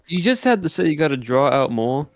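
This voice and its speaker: A male streamer in casual chat who rambles with many fillers and drawls some words out in a put-on Southern voice, recorded on a compressed mic that makes him sound monotone. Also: a little high, a little fast, slight background noise. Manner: rambling, many fillers, explains things loosely. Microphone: desk microphone with built-in compression.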